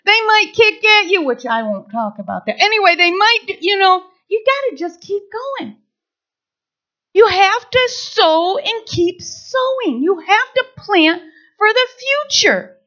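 Woman, sermon, very high voice, bright, playful, acts out scenes. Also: sing-song, normal speed. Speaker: women's ministry speaker. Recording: dull lo-fi recording.

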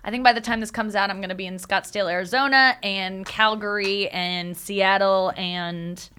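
A woman's voice: medium pitch, steady tone, moderate pace, sharp tone, clean tone. A young adult woman, a comedian guest on a podcast, giving dry, laid-back replies. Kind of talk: casual comedic chat.

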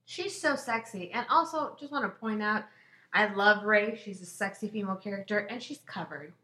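A woman's voice: medium pitch, moderate pace, bright, forceful tone. A woman co-hosting a podcast, chatting in an emphatic, opinionated way. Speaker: podcast co-host. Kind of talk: casual chat. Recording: roomy echo.

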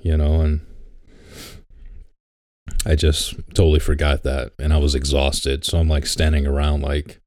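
A man's voice: a bass voice, level tone, unhurried, long pauses, a little mellow, no room sound, studio quality. A man co-hosting a podcast, telling stories in a laid-back, casual way, swearing and laughing often. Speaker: podcast co-host. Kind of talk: casual chat.

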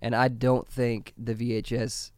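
A young man in his twenties talks casually about movies and laughs easily. He often restarts and doubles his words. His voice is at an ordinary pitch, recorded close and dry. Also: flat delivery, a little slow, clear, resonant tone, dry recording. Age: 20s. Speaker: podcast co-host.

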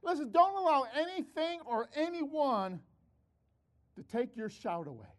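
Animated high-voiced older preacher. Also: male voice, unhurried. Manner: animated storytelling, repeats words, calls to the audience. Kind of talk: sermon.

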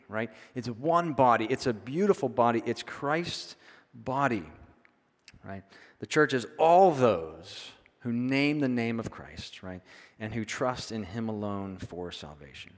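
A man preaching a sermon in a church, conversational and often checking in with his listeners. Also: mid-range voice. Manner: conversational, keeps asking "right?". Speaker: pastor. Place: church sanctuary. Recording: long hall reverb.

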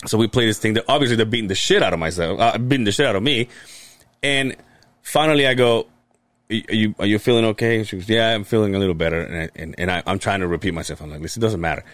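Low-ish and a bit bright, this man's voice moves fast in an echo-free recording. A podcast co-host, he rambles through a lengthy story in casual chat, swearing plenty and often beginning again.

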